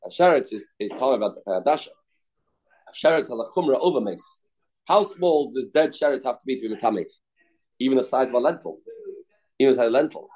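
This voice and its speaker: A man's voice: medium pitch, expressive, fairly quick, long pauses, darkish tone. A man teaching a Talmud lesson, talking in a sing-song study rhythm, repeating phrases and mixing English with Hebrew and Aramaic terms while answering students.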